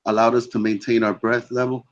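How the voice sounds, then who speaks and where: A man's voice: mid-range voice, little pitch movement. Guy in a casual chat, stumbles over his words a lot, muffled lo-fi sound. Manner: halting, repeats words as he starts sentences. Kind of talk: casual conversation. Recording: dull lo-fi sound.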